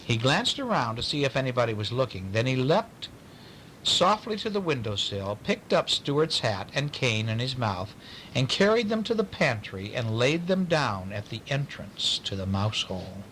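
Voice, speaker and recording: A man reading a bedtime story aloud to a child, pausing to ask questions in a playful way. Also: mid-range voice, very animated, a bit bright, a little hiss or hum, low-quality recording.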